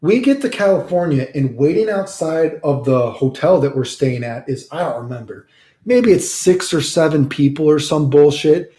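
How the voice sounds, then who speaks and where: A man telling a rambling story on a live stream in a casual, animated way, swearing constantly and saying "dude" a lot. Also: a little high, moderate pace. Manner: loose rambling delivery with restarts and "dude". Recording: roomy echo.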